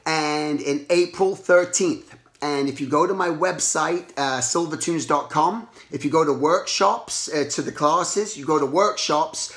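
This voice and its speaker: A hoarse man who has lost his voice, hosting a casual motivational talk and rambling with lots of restarts. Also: on the high side, unhurried, few pauses. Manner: rambling, animated, restarts often. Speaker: artist and show host. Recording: roomy echo.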